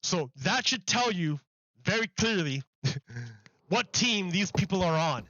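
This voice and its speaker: A man's voice: high voice, lively intonation, a little slow, bright, forceful tone, dull audio. A man on a live stream ranting about politics, emphatic and mocking, repeating himself for effect.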